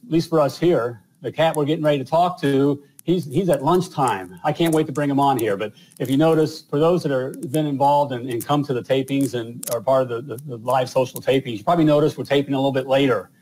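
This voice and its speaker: A man's voice: mid-range voice, fast, few pauses, a little mellow, poor audio. Rambling fifty-something man. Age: 50s. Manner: rambling, repeats himself, many fillers and "all right?". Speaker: podcast host. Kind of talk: casual live-show chat.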